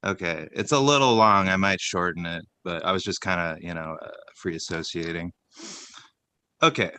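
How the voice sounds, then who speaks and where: Bright, crisp deadpan man reading a list. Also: sits low, moderate pace. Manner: rambling, deadpan list reading with many fillers. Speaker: comedy podcast co-host. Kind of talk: casual comedic chat.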